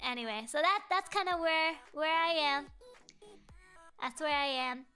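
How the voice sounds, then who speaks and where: Young female streamer, very high and bright, bubbly and teasing, casual chat over soft background music. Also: a little slow. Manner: bubbly, thanks viewers over and over, playful teasing. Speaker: VTuber streamer.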